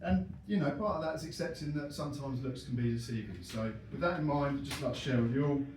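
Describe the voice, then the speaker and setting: A man's voice: mid-range voice, fast talker, a little mellow. Man doing stand-up in an echoey club. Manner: laughs at his own jokes, acts out voices. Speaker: stand-up comedian. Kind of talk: stand-up storytelling. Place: comedy club stage. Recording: echoey room from far off, noisy. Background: audience laughter.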